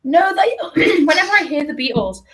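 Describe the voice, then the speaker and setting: A young-sounding woman with a northern English accent talks casually on a live stream. Her voice sits a little high. She giggles easily and slips into put-on local voices for a laugh. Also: lively intonation, normal speed, a bit bright. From north of England. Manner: giggly, puts on local voices mid-story. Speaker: stream guest. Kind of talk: casual chat.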